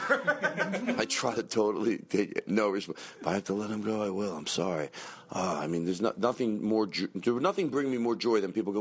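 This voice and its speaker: Man hosting a comedy podcast, pitch all over the place, whiny rants. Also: sing-song, normal speed, breathy edge. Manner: self-pitying, swings into shouted rants. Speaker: podcast host. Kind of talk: rambling comedic monologue.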